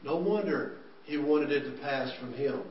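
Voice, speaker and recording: A man's voice: medium pitch, lively intonation, normal speed, a little hiss or hum. A man preaching an earnest sermon, explaining scripture as he reads it. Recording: echoey room, distant mic, dull sound.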